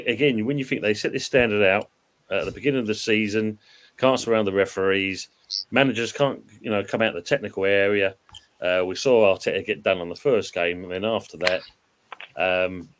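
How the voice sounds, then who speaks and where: Man, lowish voice, casual stream co-host, rambling, quick to laugh. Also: a bit bright. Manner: rambling, hesitant, laughs often. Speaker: guest co-presenter reading viewer comments. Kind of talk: casual football chat on a live stream.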